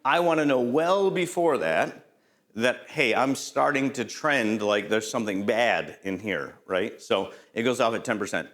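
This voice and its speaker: A man's voice: mid-range voice, unhurried. A middle-aged man giving a conversational safety lecture, quizzing the audience and tossing in "right?" as he tells stories from the job. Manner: storytelling with lively anecdotes. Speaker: safety trainer.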